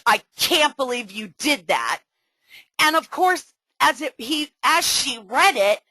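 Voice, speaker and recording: A middle-aged woman coaching a webinar in a chatty, animated way with many fillers. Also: high-pitched, no room sound, poor audio. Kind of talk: casual webinar teaching.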